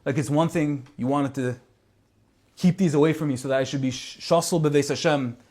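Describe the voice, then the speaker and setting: A man's voice: a little high, normal speed, a little mellow, close to an everyday voice. A man voicing a distraught young yeshiva student who pleads in confusion. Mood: pleading.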